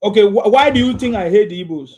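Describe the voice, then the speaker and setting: A high-pitched man hosting a live call-in show. He talks in a combative, mocking way and hammers the same line over and over. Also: animated, quick pace, a little mellow. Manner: combative, mocking, repeats himself. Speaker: host. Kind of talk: heated live call-in chat.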